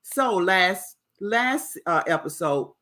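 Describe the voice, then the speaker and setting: A woman hosting a casual livestream recap of a reality show, chatty and animated as she retells scenes. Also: lowish voice, slow. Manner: chatty, animated retelling with playful quoted voices. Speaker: host.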